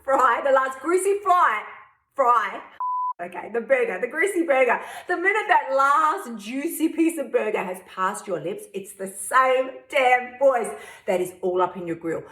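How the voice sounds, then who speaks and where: A woman's voice: high voice, expressive, measured pace, fairly bright tone. Blunt, profane woman coach. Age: 50s. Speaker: host. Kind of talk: weight-loss coaching podcast monologue. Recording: roomy echo.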